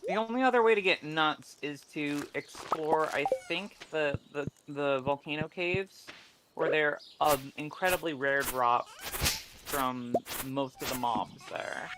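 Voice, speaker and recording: A playful guest streamer talks through the game in a relaxed way and loves cracking terrible puns. The voice sits at a middle pitch. The recording carries a clear layer of background noise. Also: slow pace. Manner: playful, fond of bad puns. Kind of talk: casual gameplay chat. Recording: noisy stream audio.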